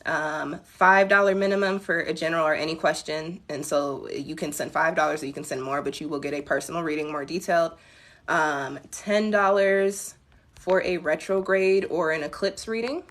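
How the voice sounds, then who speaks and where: A woman tarot reader chatting casually with viewers on a home live stream, relaxed and self-mocking. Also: sits low, normal speed. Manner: relaxed, chatty, laughs at herself, addresses viewers as y'all.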